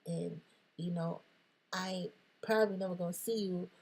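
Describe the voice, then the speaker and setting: Husky, gravelly woman giving a pep talk. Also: on the low side, moderate pace. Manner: animated, jumping between whispers and squeals. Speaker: motivational vlogger. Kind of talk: playful motivational monologue.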